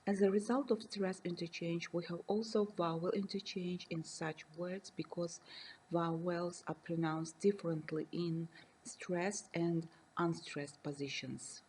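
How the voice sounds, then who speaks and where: Lowish mellow woman reading a lecture. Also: steady tone, a little hiss or hum, rough recording. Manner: reads slowly and carefully, defining terms with examples. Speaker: university lecturer.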